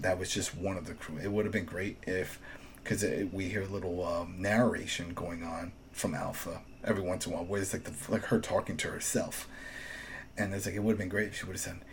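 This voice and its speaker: A man talking casually in a podcast discussion, recapping an episode and acting out lines in playful voices. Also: a little hiss or hum. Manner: animated, acts out quotes in high voices. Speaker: show reviewer.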